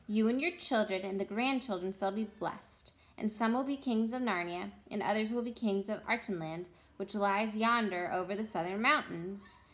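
A woman voicing a solemn, kind lion king in a storybook read-aloud, speaking in slow, grave questions. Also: mid-range voice, fairly bright tone, close to an everyday voice.

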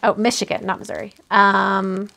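Against a noisy background, a woman with a creaky, mid-range voice and little pitch movement chats at a normal speed during her card-making livestream. Opening viewers' cards, she gushes, rambles, and thinks aloud with plenty of fillers.

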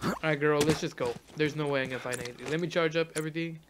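A man commentating his own gameplay, excitable, yelling at the game and laughing often. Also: fairly high pitch, racing, background noise. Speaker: gaming channel host. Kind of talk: let's play commentary. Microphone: face cam desk mic.

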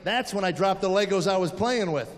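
High-voiced older male stand-up comic. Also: fairly quick, a little hiss or hum. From United States. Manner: storytelling with acted-out quotes. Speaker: stand-up comedian. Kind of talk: stand-up comedy set. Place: large hall with audience. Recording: live hall reverb.

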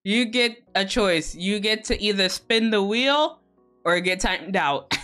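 A woman's voice: medium pitch, expressive, takes it slowly, fairly bright tone, faint music behind. A woman streamer hosting a co-working stream, chatting casually with viewers in a teasing, profane, giggly way.

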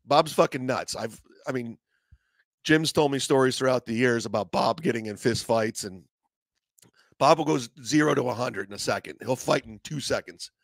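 A man hosting a comedy podcast, telling a profane, animated story in a casual way and acting out the voices of others. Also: medium pitch, normal speed, vocal fry, no room sound.

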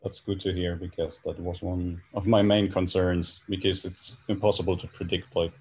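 Deep, flat German-accented man, hesitant. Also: normal speed, husky. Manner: hesitant, many ums and restarts. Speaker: audience member asking a question. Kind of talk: Q&A question on a video call.

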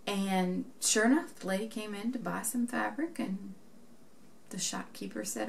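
A woman's voice: mid-range voice, steady tone, unhurried, gravelly. A young woman vlogging to camera, telling a story in a chatty way and acting out what people said. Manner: chatty, retells events acting out quoted dialogue. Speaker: knitting vlogger.

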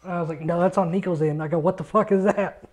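An excitable man tells stories on a casual podcast, with plenty of swearing. He records from his home studio. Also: high voice, fast talker. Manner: excitable storyteller, swears a lot. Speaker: podcast co-host.

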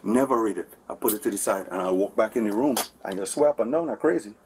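In distant bodycam footage with faint noise in the background, a man in his forties talks quickly in a lowish, slightly mellow voice. His conversation with the officers is heated, and he rambles, repeats himself and keeps seeking agreement.

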